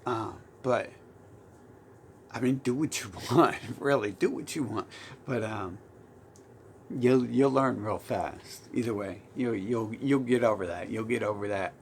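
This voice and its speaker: A man's voice: lowish voice, unhurried, slight background noise. A man with a Southern US accent delivering a heated, profane, rambling monologue full of restarts. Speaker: vlogger.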